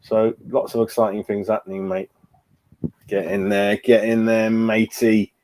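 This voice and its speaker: A man's voice: lowish voice, little pitch movement, measured pace, darkish tone, a little hiss or hum. A man, hosting a casual live stream as a football fan, chatting and reading out viewers' comments. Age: 40s. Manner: chatty, reads chat aloud, calls everyone mate. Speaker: fan channel host.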